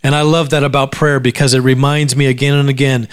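A man's voice: mid-range voice, flat delivery, quick pace. A man preaching as a pastor at a church service, talking conversationally, often repeating words as he starts a sentence, with dry sarcastic asides. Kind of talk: sermon.

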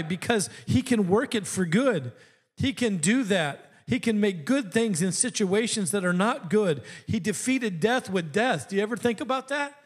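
A man preaching a sermon, telling a story with humor and building to fervent exhortation. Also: high voice. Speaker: pastor.

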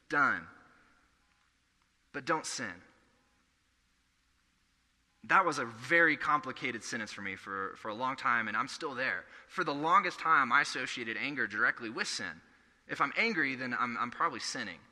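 Bright-voiced man preaching in an echoey hall. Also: medium pitch. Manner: earnest, conversational preaching with storytelling. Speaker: pastor. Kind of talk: sermon. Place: church hall.

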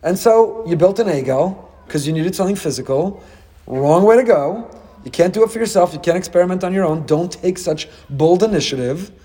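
A man, a rabbi giving a Torah class, animated and acting out dialogue with rhetorical questions. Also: high-pitched, fairly quick, slightly rough, long reverb tail.

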